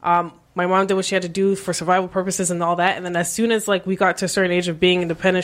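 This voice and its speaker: A woman from Canada, a guest author and property manager, talking candidly on a panel with slang and animated storytelling. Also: on the low side, very fast, hardly any pauses. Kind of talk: casual panel chat.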